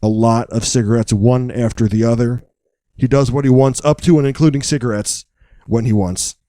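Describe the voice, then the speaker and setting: A man co-hosting a podcast, recapping a film in a casual, wry, joking way with deadpan asides. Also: medium pitch, normal speed, dry recording.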